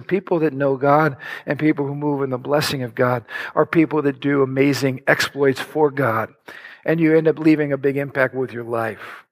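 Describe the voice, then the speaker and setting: A man preaching a sermon to his congregation, animated and conversational, acting out little prayers and scenes in other voices. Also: on the high side. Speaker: pastor. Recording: long hall reverb.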